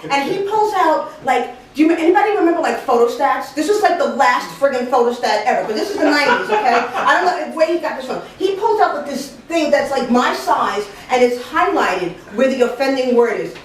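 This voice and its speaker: A Puerto Rican woman from a Puerto Rican family, in her forties, delivers a comic live story, brisk and with few pauses, voicing each person she quotes with animated flair. Her voice is high-pitched, and the distant mic in an echoey room picks up slight background noise.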